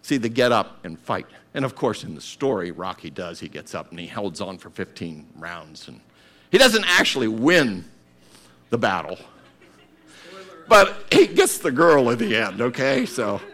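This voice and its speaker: A man preaching a sermon, acting out voices and breaking into shouted calls to get up. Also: on the low side, big pitch swings, measured pace.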